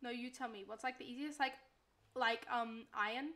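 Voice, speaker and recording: A woman's voice: fairly high pitch, fairly even intonation, normal speed, fairly bright tone. An Australian woman streaming a game, chatting casually with her audience in an exasperated, pleading way. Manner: exasperated, pleading, talks to chat.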